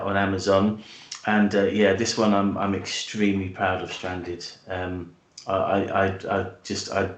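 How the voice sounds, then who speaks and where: British man, guest author, low voice, hesitant restarts, enthusiastic, echoey room. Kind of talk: casual interview chat and storytelling.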